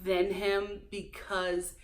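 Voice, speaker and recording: A woman hosting a casual reality TV recap, talking in an animated, gossipy way and mimicking the cast. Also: medium pitch, extremely slow. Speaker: show recap host.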